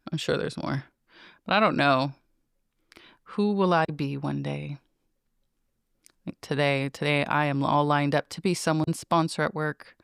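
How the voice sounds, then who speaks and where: A woman's voice: low voice, gravelly, no echo, clean studio sound. A middle-aged woman hosting her own podcast, talking casually to listeners in a rambling, playful and self-mocking way. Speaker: podcast host. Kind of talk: casual solo podcast monologue.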